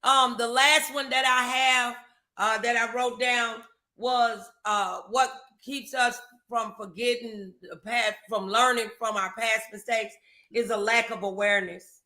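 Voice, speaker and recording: A woman's voice: on the high side, steady tone, unhurried, pushed and bright. A woman co-hosting a podcast, giving emphatic faith-based advice, repeating her phrases. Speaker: podcast co-host.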